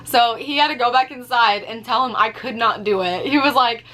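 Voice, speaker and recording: Young woman vlogging, bright voice, animated and sweary, lots of "like"s, faint hum behind. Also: on the high side, normal speed. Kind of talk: casual storytelling vlog.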